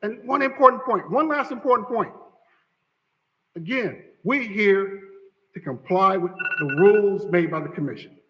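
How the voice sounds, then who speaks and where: A man speaking as an attorney during public comment at a city council meeting, arguing forcefully and repeating his points for emphasis. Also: sits high, expressive, moderate pace, dull audio, a little hiss or hum. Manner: forceful, emphatic argument with repetition. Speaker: attorney for a bidder. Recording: council chamber with long reverb.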